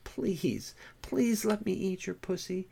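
A man's voice: high-pitched, slow pace, gravelly, dark tone, breathy edge, pitched above the performer's own voice, exaggerated voice. Man voicing a begging submissive young man. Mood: pleading. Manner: begging, eager.

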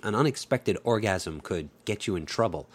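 A man's voice: on the low side, expressive, normal speed, breathy edge. A man voicing a bashful, polite young man in an adult audiobook, speaking tactfully and a little sheepishly.

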